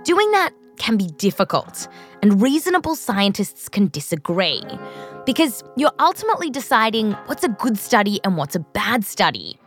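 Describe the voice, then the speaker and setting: A woman's voice: mid-range voice, sing-song, normal speed, soft background music. A woman with an Australian accent hosting a science show, narrating from a script in a playful, wry way and interviewing a guest. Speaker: host.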